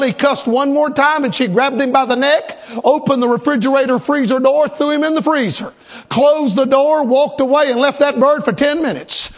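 A man's voice: extremely high pitch, a bit bright. A man preaching a sermon, with rhythmic, emphatic repetition and a storytelling turn.

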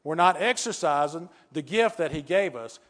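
An older male preacher delivers an earnest sermon in a voice pitched a little high for a man. He doubles back on his key phrases and leans on rhetorical questions to drive each point home. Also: expressive, moderate pace, fairly bright tone.

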